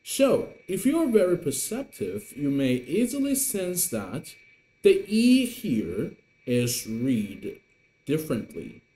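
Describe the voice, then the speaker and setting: Slow, lively-voiced male Mandarin teacher. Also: on the high side, a little hiss or hum. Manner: slow, deliberate modelling of tones with repetitions. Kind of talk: online language lesson.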